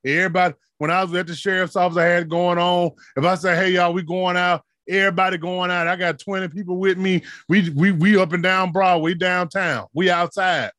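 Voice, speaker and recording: A man preaching with fervor, his voice sitting unusually high and rising into shouted peaks before falling to murmured asides. The sound is close and dry, with no room around it. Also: steady tone, a little fast, hardly any pauses, no room sound. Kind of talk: sermon.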